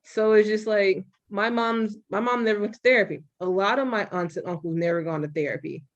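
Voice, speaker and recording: A young adult woman hosting a podcast, talking frankly and with some profanity in an animated, storytelling way. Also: mid-range voice, fairly quick, muffled recording. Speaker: podcast host. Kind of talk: candid podcast conversation.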